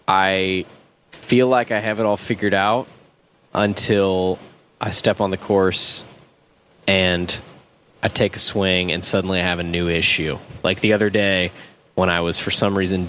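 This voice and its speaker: Laid-back man with a lowish voice. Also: fairly bright tone, slight background noise. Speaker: podcast co-host. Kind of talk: casual chat.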